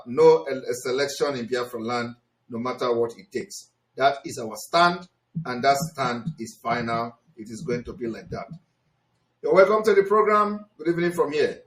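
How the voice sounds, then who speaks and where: A man hosting a live call-in show, loud and emphatic. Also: medium pitch, reverberant, poor audio.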